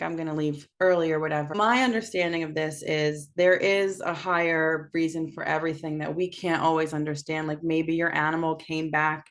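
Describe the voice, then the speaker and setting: A woman's voice: low-pitched, vocal fry, fairly bright tone. A woman in her thirties, a pet medium being interviewed, talking in a chatty way with many fillers. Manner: chatty, says "like" a lot. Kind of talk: conversational interview.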